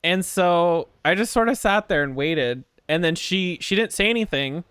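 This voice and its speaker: A man streaming and telling a story in casual chat, animated, swearing freely and laughing as he goes. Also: high-pitched, moderate pace, smooth, dry recording, clean studio sound.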